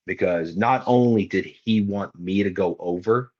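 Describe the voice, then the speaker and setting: Lively young man telling stories, lo-fi audio. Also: on the low side, measured pace. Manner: animated, slangy storyteller who acts out quotes. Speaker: podcast guest, professional wrestler. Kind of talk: casual storytelling.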